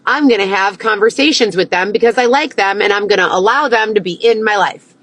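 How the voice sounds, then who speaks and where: A woman's voice: medium pitch, brisk, fairly bright tone, no echo, rough recording. A young woman ranting to camera, agitated and heavy with profanity, repeating herself as she vents. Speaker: vlogger.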